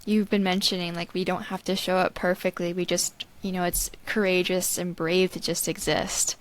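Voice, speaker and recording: A woman hosting an interview podcast, listening gently and responding with warm affirmations. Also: fairly low pitch, flat delivery, moderate pace, a little hiss or hum, rough recording. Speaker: podcast host. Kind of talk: interview conversation.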